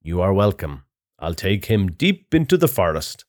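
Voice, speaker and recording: A man doing a calm, low-voiced kind woodsman. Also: moderate pace. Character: kind, steady male woodsman, strong and calm.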